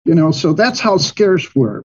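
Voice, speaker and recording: A man's voice: a little high, expressive, a little slow, darkish tone, husky, dull audio. An older man, a guest in an interview, telling personal stories vividly and acting out his own past dialogue. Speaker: guest, money manager. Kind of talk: storytelling in an interview.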